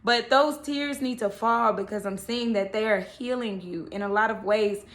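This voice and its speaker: A woman's voice: mid-range voice, moderate pace. A woman giving a casual, chatty tarot reading, often checking in with "okay" and "all right". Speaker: tarot reader.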